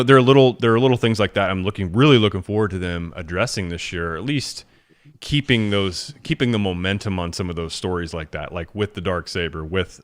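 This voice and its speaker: A man with a very low, deep voice talks casually as a podcast co-host. He gets animated and trips over his words, repeating himself as he works through his thoughts. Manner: animated, self-correcting, stammers on repeats. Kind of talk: casual chat.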